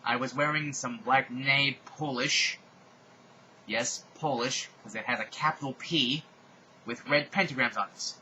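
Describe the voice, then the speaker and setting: A man giving a mocking dramatic reading in a deadpan tone with sarcastic asides. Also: mid-range voice, unhurried, dull audio, a little hiss or hum. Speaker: reader.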